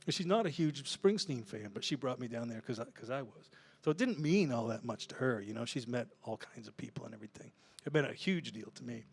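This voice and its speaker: A man's voice: medium pitch, animated, brisk, vocal fry, slightly rough. A man who is a singer-songwriter, telling a casual, self-deprecating story between songs on a small club stage, laughing often and swearing now and then. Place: small live music club, Houston. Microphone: stage vocal mic.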